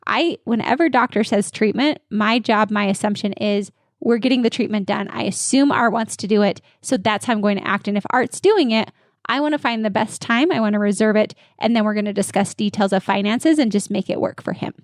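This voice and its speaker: A woman dental practice consultant giving energetic, confident coaching answers in an interview. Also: mid-range voice, fairly quick, no room sound, clean studio sound.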